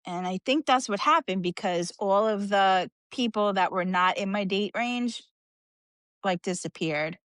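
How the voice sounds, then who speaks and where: A woman's voice: medium pitch, unhurried, fairly bright tone, no room sound. A woman co-hosting a podcast in casual chat, talking freely with lots of fillers. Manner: chatty, filler-heavy, frequent "like". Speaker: podcast co-host.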